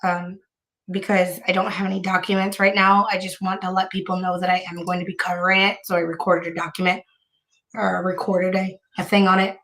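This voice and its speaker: A woman live streamer chatting casually to her viewers, hoarse with bronchitis, with heavy vocal fry and a rambling way of talking full of restarts. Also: on the low side, little pitch movement, a little fast, a bit bright.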